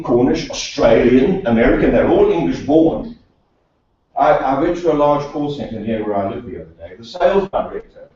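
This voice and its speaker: A man's voice: mid-range voice, mellow. South African man giving a wry, echoey speech. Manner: dry wry humour, rhetorical questions. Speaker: speaker, speech and accent coach. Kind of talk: prepared speech to a meeting. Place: meeting room of a professional association. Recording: echoey hall, distant dull mic.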